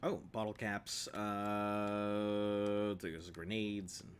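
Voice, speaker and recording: A man with a fairly low voice streams gameplay, talking flatly and drawing out his words as he jokes playfully with viewers and laughs often. There's a little hiss or hum in the recording.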